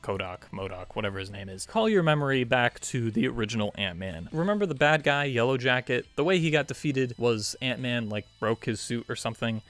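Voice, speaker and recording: A man's voice: medium pitch, lively intonation, brisk, few pauses, a bit bright, soft background music. Sarcastic rambling movie-review guy. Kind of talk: casual video review.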